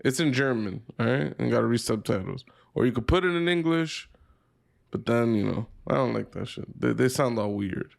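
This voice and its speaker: Podcast co-host, male, gravelly voice, rambling and profane. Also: medium pitch, expressive, normal speed. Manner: rambling, profane, laughs a lot. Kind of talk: casual chat.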